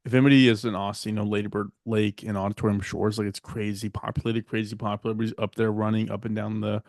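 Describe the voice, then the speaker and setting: A man co-hosting a podcast, telling relaxed stories in a casual chat full of "like". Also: fairly low pitch, very fast, dry recording, studio quality. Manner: relaxed, anecdotal, lots of "like". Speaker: podcast co-host.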